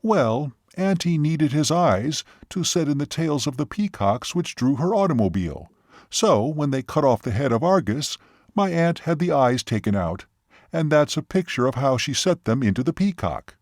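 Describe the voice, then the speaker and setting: A lively young waitress tells her story earnestly, with a hint of teasing, in a slightly raised voice, as a male narrator reads her part. Her delivery is animated and wide-ranging. The recording is dry and close. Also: fairly high pitch, normal speed, dry recording, pitched above the performer's own voice.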